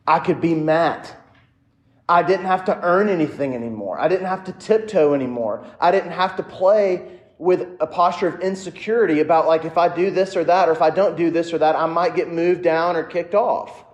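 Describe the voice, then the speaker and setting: A man's voice: on the high side, moderate pace, reverberant, highs cut off. A man preaching a sermon in a casual, conversational way, telling a personal story and turning often to the audience. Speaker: pastor.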